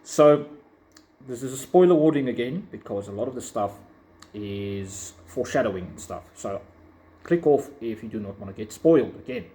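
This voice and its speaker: A man's voice: mid-range voice, expressive, normal speed, dark tone. A man giving a casual, opinionated video review, rambling with frequent fillers. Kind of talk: casual commentary.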